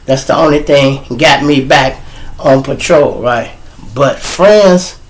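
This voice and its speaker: A man, hosting his show and casually telling a profane, animated story to his viewers. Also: medium pitch, slow, a little hiss or hum, low-quality recording. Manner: animated, profane, acts out quotes, addresses audience. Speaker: show host.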